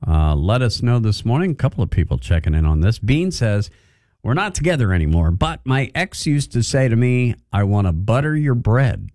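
A man's voice: medium pitch, very animated, brisk, a little mellow, no echo, clean studio sound. A man hosting a morning radio show, chatting casually and laughing easily. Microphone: studio mic.

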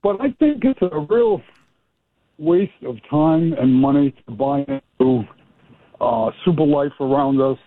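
Husky guy calling in on a phone line, rambling, kinda hesitant. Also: on the high side, animated, a little slow. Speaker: caller. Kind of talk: call-in radio chat.

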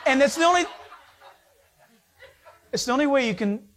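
A man preaching a sermon in a folksy, joking way, telling stories with lively energy. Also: high voice, a little fast, pauses often, slight background noise. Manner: folksy, joking, animated storytelling.

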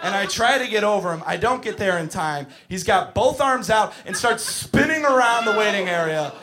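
A young man doing stand-up storytelling, profane and exasperated, breaking into shouts. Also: high voice, expressive, normal speed, crowd noise. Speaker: stand-up comedian. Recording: live comedy club with audience laughter.

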